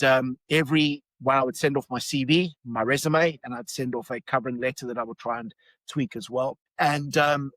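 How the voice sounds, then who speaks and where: A man's voice: medium pitch, a bit bright, dry recording, low-quality recording. South African man, casual storyteller, lots of ums and restarts, dry close sound. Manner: rambling, many restarts and fillers.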